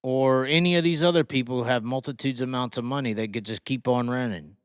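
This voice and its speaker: Male stream host, argumentative, fires off rhetorical questions; smooth, dry sound. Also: medium pitch, fairly quick, no echo. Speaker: host of a racing livestream. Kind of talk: casual livestream commentary.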